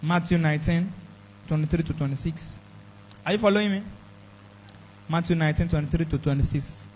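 A man's voice: on the high side, fairly quick, darkish tone, a little hiss or hum, low-quality recording. A man preaching a sermon with emphatic delivery, throwing call-and-response questions to the congregation. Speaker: pastor.

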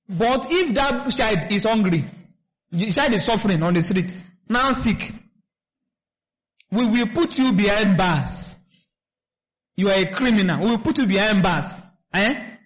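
A man's voice: sits high, a bit bright. A man preaching a sermon, repeating himself and asking the congregation to finish his lines. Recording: dull lo-fi recording.

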